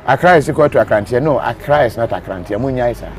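A man's voice: mid-range voice, expressive, fast, a little hiss or hum. A man with a Ghanaian accent hosting a live stream, reading viewer comments and joking, switching between Twi and English. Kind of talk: casual chat.

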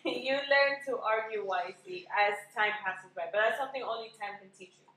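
A woman sharing advice as a podcast guest in a thoughtful, steady way, in an echoey room, far from the mic. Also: on the high side, a little fast, crowd noise. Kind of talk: casual podcast chat.

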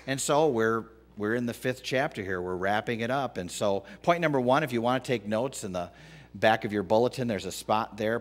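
A middle-aged man preaching a sermon as pastor, pausing often and rising to loud, emphatic peaks. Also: lowish voice.

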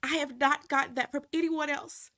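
A woman who was once a reality TV cast member reflects emotionally and earnestly, halting at times and repeating phrases for emphasis. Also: high-pitched, fairly even intonation, a bit bright.

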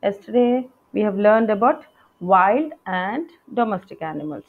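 A woman's voice: medium pitch, big pitch swings, unhurried. A woman teacher giving a patient lesson to young schoolchildren, spelling out words letter by letter. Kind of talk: online class lesson for young children. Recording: tinny phone-like audio.

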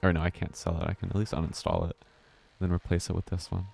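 A man's voice: deep voice, flat delivery, fast, vocal fry, a little mellow, a little hiss or hum. A man thinking aloud and swearing casually while live-streaming a video game.

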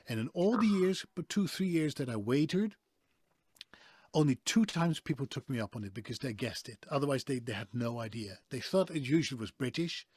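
A man's voice: mid-range voice, normal speed, breathy edge, dry recording, clean studio sound. A man with a Dutch accent, telling stories as a guest in a casual interview. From Netherlands. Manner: lively, expressive storyteller. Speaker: guest, voice actor.

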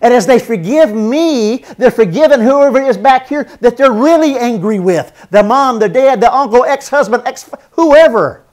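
A man's voice: extremely high pitch, expressive, normal speed, few pauses, a little mellow. A man teaching a marriage seminar as a pastor, earnest, repeating phrases for emphasis and acting out spoken apologies.

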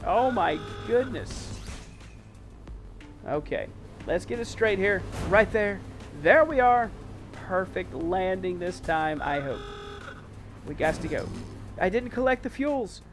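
A man hosting a gaming channel, giving excitable let's-play commentary full of exclamations and mild oaths. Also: high voice, takes it slowly, pauses often, music in the background.

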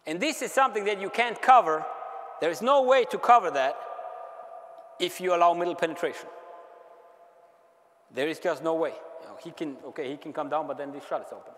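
A man with a German accent coaching basketball players through defensive drills, explaining calmly and calling out short repeated commands. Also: on the high side. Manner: instructive, shouts quick repeated commands during drills. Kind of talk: on-court coaching clinic. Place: large indoor basketball gym. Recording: long reverb of a large gym. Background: basketballs bouncing.

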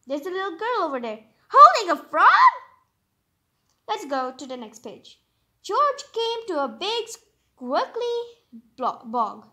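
A woman's voice: extremely high pitch, wildly swooping pitch, takes it slowly, long pauses, sharp tone. A woman reading a picture book aloud, singing a rhyming refrain and adding chatty asides. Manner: chatty asides between read passages, with small slips. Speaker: storybook reader.

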